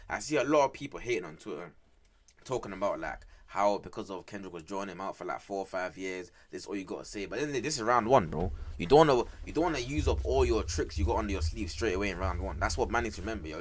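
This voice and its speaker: Young man, slightly low voice, rapid-fire slangy reaction commentary, animated. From United Kingdom. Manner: animated, slangy, repeats "bro" and "I can't lie". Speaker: music reaction streamer.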